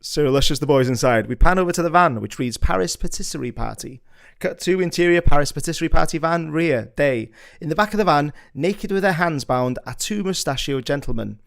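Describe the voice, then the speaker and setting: A man's voice: fairly high pitch, animated, brisk, gravelly. A man narrating the scene headings and stage directions of a live script read in a matter-of-fact way.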